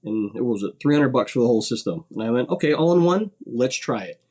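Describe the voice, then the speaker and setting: A man speaks as a guest on a podcast, in a relaxed, conversational way. His voice sits in a middle range, and he stumbles over his first words now and then before settling into a loose, rambling flow. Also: mid-range voice, fast talker, slightly rough. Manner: rambling, repeats words when starting sentences. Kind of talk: casual podcast chat.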